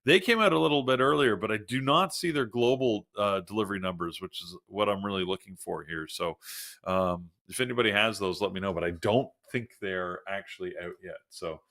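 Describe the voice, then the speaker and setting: Bright-voiced man hosting live trading. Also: on the low side, a little fast. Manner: casual, chatty, self-interrupting while reading news. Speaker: live trading show host. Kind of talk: live market commentary.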